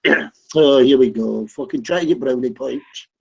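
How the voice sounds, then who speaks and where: A man's voice: mid-range voice, moderate pace, vocal fry, husky. A man with a North Scottish accent in a casual group voice chat, blunt and teasing with heavy swearing. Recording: dull lo-fi online call audio.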